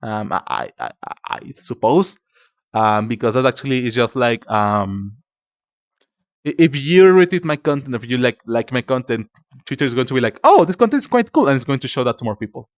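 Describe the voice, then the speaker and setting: A young man with a Spanish accent livestreams, chatting casually with viewers, tripping over his words and calling them cutie and darling. His mid-range voice is expressive and moves at a normal speed. The studio-quality recording has no echo.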